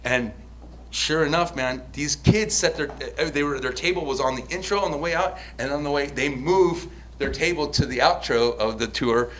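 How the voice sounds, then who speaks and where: American man, forties, podcast host, swearing, animated storytelling, faint room noise. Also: fairly high pitch, normal speed. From United States. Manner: profane, animated storyteller with many restarts. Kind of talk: casual storytelling chat.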